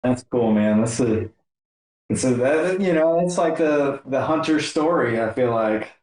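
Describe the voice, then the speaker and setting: A male podcast host chatting casually and telling a story in a relaxed, filler-heavy way. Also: mid-range voice, unhurried. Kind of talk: casual conversation. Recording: echoey room.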